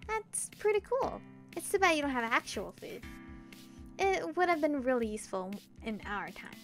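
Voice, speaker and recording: A hesitant young heroine cautiously questions a strange new world, as a woman reading a visual novel puts her on. Her high voice comes out slow and unsure over faint background music. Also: very animated, fairly bright tone, exaggerated voice. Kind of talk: reading game dialogue aloud.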